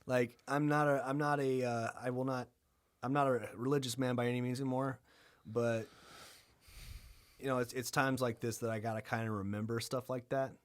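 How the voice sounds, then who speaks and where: A man co-hosting a podcast, retelling a story in a casual, animated way with acted-out voices and plenty of swearing. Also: medium pitch, moderate pace, clear, resonant tone. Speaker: podcast co-host.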